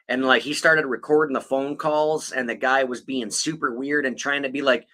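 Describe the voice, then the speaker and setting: A man's voice: mid-range voice, fairly even intonation, moderate pace, few pauses, bright, forceful tone. A man on a podcast, telling a story in a rambling, swear-heavy, casual way. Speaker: podcast co-host.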